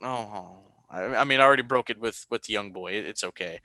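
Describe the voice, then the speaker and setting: A young man hosting a casual podcast, telling stories with lively jumps into high-pitched quoted voices. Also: quick pace, few pauses, dry recording. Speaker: podcast host.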